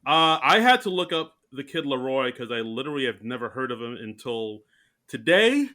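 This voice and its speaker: Male podcast co-host, bright tone, animated and self-mocking, casual chat. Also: mid-range voice, moderate pace. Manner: animated, self-mocking, talks in bursts with restarts.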